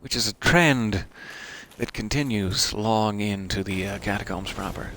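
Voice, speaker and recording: A man's voice: on the low side, unhurried, pushed and bright, a little hiss or hum. A man giving wry, self-deprecating commentary while playing a video game. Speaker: game streamer. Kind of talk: let's-play commentary.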